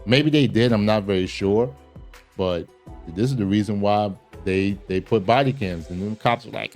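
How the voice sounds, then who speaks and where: A man's voice: lowish voice, moderate pace, darkish tone, soft background music. A man hosting a reaction video, talking casually and emphatically with slang as he comments on news clips. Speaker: commentary host.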